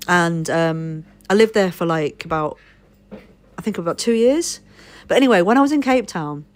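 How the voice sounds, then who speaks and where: Woman from liverpool streaming, rambly and sweary, lowish voice, keeps thanking followers. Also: animated, normal speed. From Liverpool, England. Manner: rambling storyteller who swears casually and thanks followers mid-story. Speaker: live streamer. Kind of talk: casual chat with a live stream audience.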